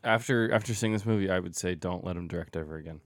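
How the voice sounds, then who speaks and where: A man's voice: sits low, fast, dry recording. A man co-hosting a casual movie review podcast, blunt and casual in his opinions. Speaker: podcast co-host.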